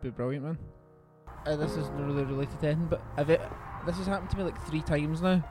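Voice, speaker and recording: A man co-hosting a podcast, chatty and sweary, quick to laugh in casual talk. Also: fairly high pitch, fairly even intonation, over music. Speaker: podcast co-host. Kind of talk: casual chat.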